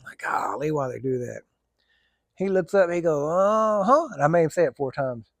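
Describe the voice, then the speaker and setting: A man's voice: a little high, animated, a little fast, gravelly, no echo. A man telling rambling, colloquial stories in a casual vlog and laughing often. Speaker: vlogger. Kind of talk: casual storytelling.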